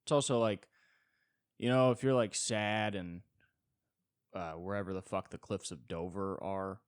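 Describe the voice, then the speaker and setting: A young man from the United States riffs alone on his podcast, wry and self-deprecating, wandering from thought to thought. His voice sits very low. The sound is close and dry. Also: fairly even intonation, unhurried, smooth, no room sound. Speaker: podcast host. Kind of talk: solo comedic monologue.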